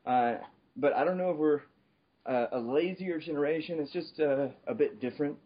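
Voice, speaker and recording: A man's voice: a little high, moderate pace. A man chatting casually in a group podcast while working out on an elliptical, laughing often and restarting his sentences. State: exercising on an elliptical. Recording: dull lo-fi online call audio.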